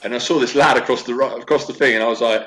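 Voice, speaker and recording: A man's voice: medium pitch, racing. A man in his forties, a guest in a casual interview, chatting and telling stories with lots of fillers. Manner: chatty, animated storytelling with many fillers.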